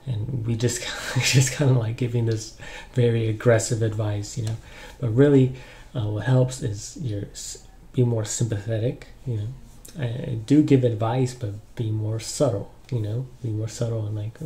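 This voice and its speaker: A young man giving casual relationship advice in a relaxed, rambling way, with lots of ums and you-knows. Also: on the low side, a little slow, gravelly, slight background noise. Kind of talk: casual advice talk to camera.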